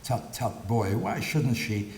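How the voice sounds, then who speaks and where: A man reading aloud the lines of a gruff older man who scolds a young lad. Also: slow, a little mellow. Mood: dismissive. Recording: echoey lecture hall, faint rumble.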